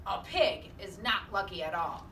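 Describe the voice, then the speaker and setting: A stern, prim neighbor lady played by a woman who scolds slowly and stiffly, with her voice pitched high and bright. She is heard from a distance in an echoey room with faint hiss. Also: lightly acted. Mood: scolding. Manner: stiff, scolding, slow and clipped.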